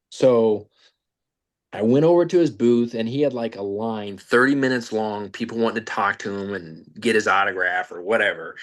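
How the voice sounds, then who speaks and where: A man's voice: fairly low pitch, normal speed, fairly bright tone. A male podcast guest and business owner telling a casual story, acting out the voices he quotes, with many restarts.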